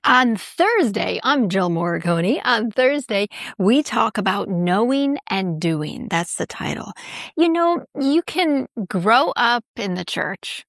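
A woman's voice: mid-range voice, sing-song, slow pace, a bit bright, no echo, clean studio sound. A woman hosting a religious program, enthusiastically thanking the speaker and previewing the next episode. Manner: enthusiastic, affirming. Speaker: show host. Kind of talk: warm program wrap-up.

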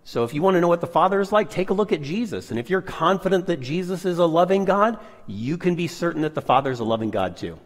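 A man's voice: a little high, lively intonation, fast, hardly any pauses. Affirming co-teacher man in a reverberant hall. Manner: affirming, answers with agreement and scripture reading. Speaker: co-host in a Bible study. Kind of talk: sermon.

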